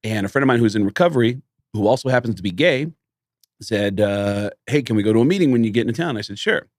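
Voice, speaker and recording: A man's voice: mid-range voice, expressive, fast, no echo, studio quality. A man, a comedian guest, telling a long story in casual podcast talk and acting out the quoted dialogue.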